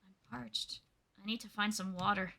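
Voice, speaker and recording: Woman voicing a hushed, bewildered little turtle creature. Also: medium pitch, steady tone, moderate pace, vocal fry, voice pushed down. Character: confused young turtle creature who lost its memory.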